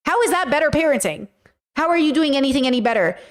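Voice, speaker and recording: A woman's voice: high voice, lively intonation, quick pace. A woman streaming casual commentary, talking bluntly and with profanity as she tells stories with animation.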